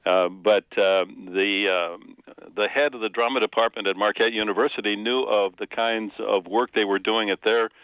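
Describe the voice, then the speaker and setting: An older man from the American Midwest, a playwright guest on a radio interview, telling animated stories and now and then quoting others. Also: lowish voice, moderate pace, dry recording, phone-quality sound. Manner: animated storyteller, slips into quoted voices.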